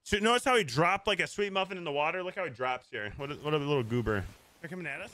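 A man's voice: on the high side, lively intonation, fast, sharp tone. A man in his thirties chatting over a headset while playing a game online, boisterous and gloating, laughing often. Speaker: gamer and video host. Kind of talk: excited voice chat during gameplay.

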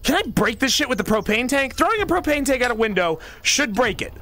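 High, excitable male game streamer. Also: fairly quick. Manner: excitable, swearing, yelling at the game. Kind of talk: casual gameplay commentary.

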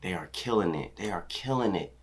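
Hyped man counting beats aloud, low voice. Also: expressive, brisk, background noise. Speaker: dance teacher reacting to choreography. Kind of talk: excited reaction commentary.

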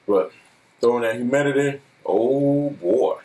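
A man's voice: medium pitch, a little slow, mellow. A man co-hosting a mukbang eating show, talking in a laid-back, drawling casual chat while he eats. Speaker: mukbang co-host.

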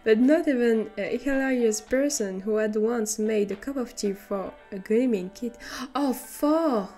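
A woman's voice: on the high side, unhurried, dark tone, soft background music. A young woman with a French accent who is not a native English speaker, reading a story aloud on stream and breaking into giggly, amused asides.

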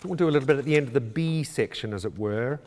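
A man directing a choir rehearsal, brisk and encouraging, with jokey asides, and he sings out phrases to demonstrate. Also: medium pitch, animated, darkish tone. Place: church or large hall. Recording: long hall reverb.

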